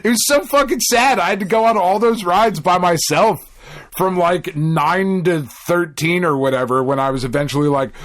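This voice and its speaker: High-pitched and speaking at a moderate pace, this gaming podcast co-host is heard in a dry, studio-quality recording. In casual chat he tells stories animatedly, cursing freely and acting out the quotes.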